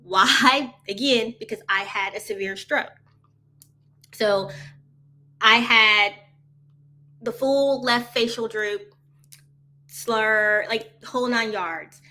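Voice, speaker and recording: A woman with a high-leaning, bright, forceful voice takes things slowly, leaving long pauses. During her casual live coffee chat she drifts from topic to topic, laughs often, and answers viewer comments directly, calling them y'all.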